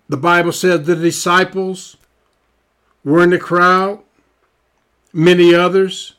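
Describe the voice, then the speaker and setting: A male pastor preaching a sermon in a dramatic, colloquial style, stretching out key words for emphasis. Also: sits high.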